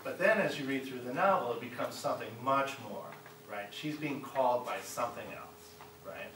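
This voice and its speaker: A middle-aged man from Chicago guest-lectures in a college classroom, frequently checking in with listeners by asking "right?". His medium-pitched, slightly bright voice moves at normal speed, and the recording is echoey with a distant mic and a little hiss or hum.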